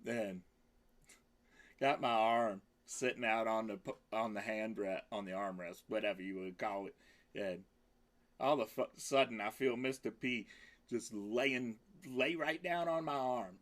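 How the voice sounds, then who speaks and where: A man hosting a rambling casual livestream, swearing freely and laughing between lines. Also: a little slow. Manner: swings into high squeaky voice for quoted exclamations. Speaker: livestream host.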